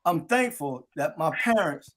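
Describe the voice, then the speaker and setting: A man hosting a sports talk show, telling animated stories to his old teammates. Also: a little high, measured pace, very noisy. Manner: lively storyteller acting out quotes. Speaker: host. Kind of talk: casual storytelling with old teammates.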